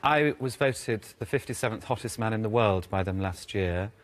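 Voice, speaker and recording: A man's voice: lowish voice, normal speed. A man from Birmingham, a guest on a comedy panel show, joking with cheeky self-mockery. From Birmingham, England. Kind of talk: comic banter. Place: TV studio with live audience. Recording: noisy studio recording.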